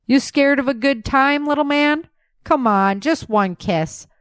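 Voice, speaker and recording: A woman's voice: medium pitch, sing-song, normal speed, no echo, studio quality, natural voice. A woman voicing a large, teasing male soldier who jokes and flirts with his friends. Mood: flirty. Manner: playful teasing.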